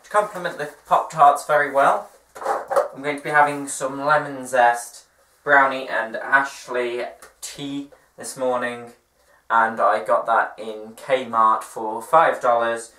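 A man's voice: mid-range voice, flat delivery, slow, sharp tone. A young man chatting casually and upbeat to his viewers in a vlog, poking fun at himself. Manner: chatty and upbeat, self-mocking. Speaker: vlogger. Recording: echoey room.

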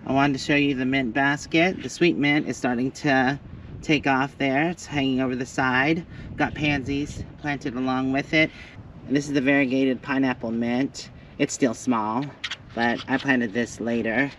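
Male vlogger, bright and sunny tone, chatty and upbeat, faint outdoor noise. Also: medium pitch, fairly even intonation, measured pace. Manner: chatty, cheerful, coos at pets. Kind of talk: casual gardening vlog. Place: outdoors at an RV camp.

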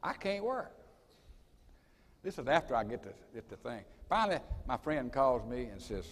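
A man's voice: medium pitch, very animated, moderate pace. A man, a college president telling a dramatic personal story in a folksy way at a school assembly. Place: assembly hall. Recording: reverberant hall.

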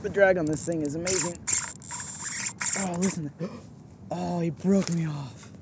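A man vlogging from a kayak while fishing, exclaiming and talking excitedly to his viewers, short of breath. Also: on the high side, unhurried. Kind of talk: excited outdoor commentary. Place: on a kayak on open water. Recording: noisy outdoor recording.

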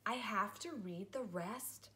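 A woman's voice: mid-range voice, takes it slowly, noisy background. A woman, a preschool teacher, reading a picture book aloud to children in a playful, theatrical way. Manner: playful, theatrical, switches into silly voices.

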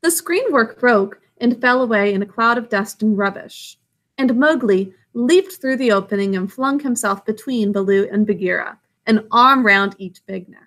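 A woman's voice: on the high side, normal speed, fairly bright tone. A woman reading a story aloud, stopping to explain what is happening. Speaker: storybook reader.

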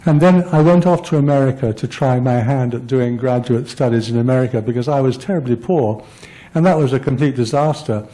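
An older man, a guest lecturer, gives a public lecture full of personal stories, rambling and self-deprecating with many fillers and restarts. His medium-pitched voice is warm and fairly quick, though the audio is poor.

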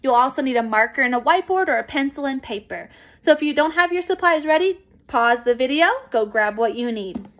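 A woman teacher giving a recorded phonics lesson to young children, encouraging and clear. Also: sits high, expressive, a bit bright. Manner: slow, clear, encouraging classroom pacing.

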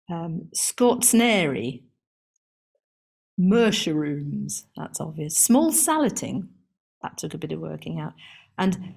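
A woman with a fairly low speaking voice gives a seminar lecture as a garden historian. She talks in a chatty, amused way, with plenty of ums and restarts as she works through long lists. It sounds like a live talk to a room with listeners also joining online. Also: big pitch swings, slow, vocal fry, long pauses, a little mellow, husky.

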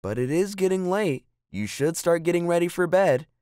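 A man's voice: mid-range voice, big pitch swings, brisk, darkish tone, clear, resonant tone, dry recording, studio quality, lightly acted. A man voicing a kind, firm mother sending her child to bed in a storybook reading.

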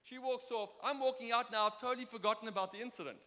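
Young South African man, preacher; high, bright voice; lively storyteller; reverberant church hall. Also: quick pace. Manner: lively, storytelling, acts out dialogue. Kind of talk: sermon with personal stories.

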